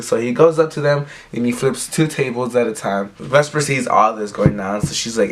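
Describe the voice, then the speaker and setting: A man's voice: medium pitch, normal speed, few pauses. A young man giving a casual recap, rambling and full of fillers. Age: young adult. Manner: rambling, filler-heavy retelling. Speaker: recap vlogger.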